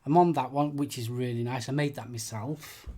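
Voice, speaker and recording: A man's voice: medium pitch, fairly even intonation, normal speed, a crowd in the background. A man in a casual live stream chat, playful and jokey, sometimes trailing off to find words.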